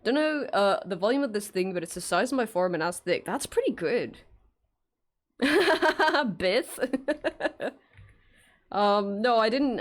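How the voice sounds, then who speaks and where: A woman's voice: mid-range voice, lively intonation, takes it slowly, pauses often. A young woman streaming while she draws, chatting casually, giggling, swearing freely and answering her chat.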